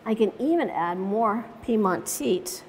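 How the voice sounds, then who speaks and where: A woman leads a live watercolor demonstration, describing every brushstroke aloud in a relaxed, chatty way and breaking into easy laughter. Her voice sits at a middle pitch. A long reverb hangs on it, as in a large room. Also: a little slow, faint music behind. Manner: chatty, narrates each step as she paints; laughs easily while telling stories. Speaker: watercolor painting instructor.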